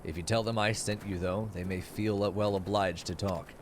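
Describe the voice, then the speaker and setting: A man reading aloud the lines of a stern old male tribal elder from a game, in a low, even voice. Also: normal speed, a little hiss or hum, natural voice. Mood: measured.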